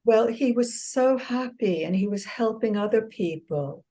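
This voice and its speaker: A woman's voice: fairly high pitch, animated, measured pace, dark tone, slight background noise. Earnest woman reflecting in an interview. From United States. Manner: earnest, reflective, with restarts and light laughs. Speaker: author and exercise therapist, guest. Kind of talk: casual interview conversation.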